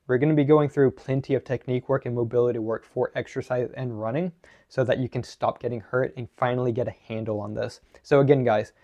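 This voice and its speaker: A man's voice: mid-range voice, warm tone, lo-fi sound. A man from the southern United States coaching runners in an instructional talk to camera, blunt and emphatic, asking questions and answering them himself. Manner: blunt and emphatic, with strong opinions. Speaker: running mobility coach.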